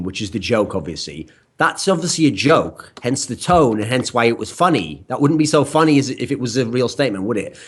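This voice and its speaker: Man, husky voice, lively pitch, sardonic and cutting, podcast chat. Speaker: esports pundit guest.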